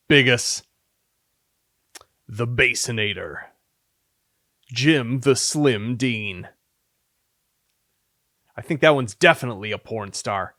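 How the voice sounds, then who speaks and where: Guy reading goofy names one by one, slow and bouncy, dry close sound. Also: medium pitch, fairly bright tone, no echo. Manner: reads names with theatrical swings, sometimes mock-dramatic. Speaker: game developer reading viewer names. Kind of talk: playful devlog reading.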